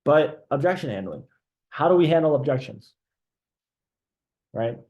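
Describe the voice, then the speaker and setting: A man's voice: a little high, measured pace, muffled recording. A man leading a live online sales training. He talks with energy, keeps checking in with the audience and acts out sales calls to show how they go. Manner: energetic, repeats "right?" often, role-plays sales calls.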